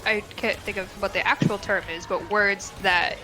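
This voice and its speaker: A woman's voice: mid-range voice, fairly even intonation, normal speed, music in the background, low-quality recording. A young woman co-hosting a livestream, rambling casually and laughing often. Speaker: stream co-host.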